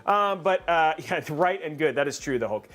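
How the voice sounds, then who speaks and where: A man's voice: a little high, animated, moderate pace, a bit bright. A man hosting a casual livestream, jokey and upbeat, rambling with plenty of fillers. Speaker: livestream host.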